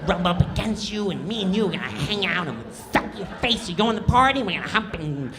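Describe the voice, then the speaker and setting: A man's voice: sits high, animated, brisk, roomy sound, crowd noise. A man impersonating a male comedian with a lazy, mumbling, lecherous drawl.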